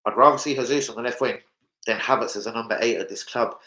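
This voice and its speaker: A man hosting a casual football livestream, rambling, swearing and giving shout-outs to viewers. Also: mid-range voice, fast talker, poor audio. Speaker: football channel host.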